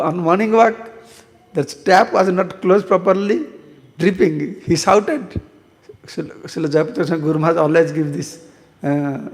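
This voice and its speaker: A man's voice: on the high side, long reverb tail. A man, a monk, teaching a scripture class who tells stories, asks the audience questions and chants verses. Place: temple hall.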